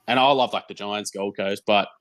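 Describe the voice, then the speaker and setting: A young Australian man, a podcast guest, chatting casually and telling animated stories, often repeating words as he goes. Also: fairly low pitch, normal speed, dry recording. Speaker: guest, football content creator.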